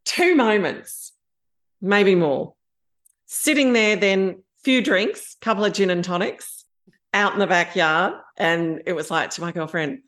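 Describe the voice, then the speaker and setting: Guesting on a podcast, a woman in her fifties with an Australian accent opens up about her story, performing the voices inside her head. Her voice is mid-range and fairly bright, her pace measured.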